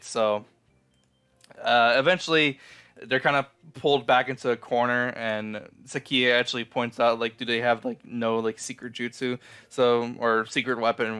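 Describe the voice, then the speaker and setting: Smooth-voiced young man recapping an anime. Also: medium pitch, fairly bright tone. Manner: rambling, frequent fillers and profanity. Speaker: anime reviewer. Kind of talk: casual episode recap.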